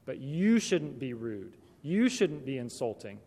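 A man's voice: mid-range voice, sing-song, unhurried, dark tone. A man speaking directly to teachers in a conversational talk, full of rhetorical questions. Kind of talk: talk to Christian educators. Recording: long hall reverb.

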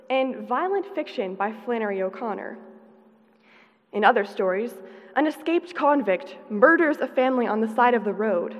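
Earnest young woman speaking in a hall. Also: on the high side. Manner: earnest, carefully paced delivery. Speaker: student speaker. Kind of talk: prepared conference speech. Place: conference hall. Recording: dull, reverberant hall sound.

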